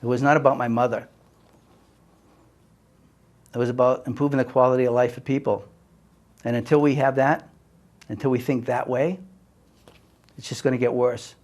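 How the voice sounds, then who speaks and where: An older man from the United States giving an earnest personal monologue. He speaks emphatically, swinging between forceful and hushed. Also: mid-range voice, little pitch movement, normal speed, long pauses.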